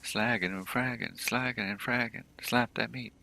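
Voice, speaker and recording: A man's voice: medium pitch, fairly even intonation, creaky, pushed and bright, dry recording, pitched above the performer's own voice. A man playing a twitchy orc dealer. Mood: hyped. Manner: rapid-fire, repetitive, hyped salesman patter. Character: twitchy jittery male orc drug dealer.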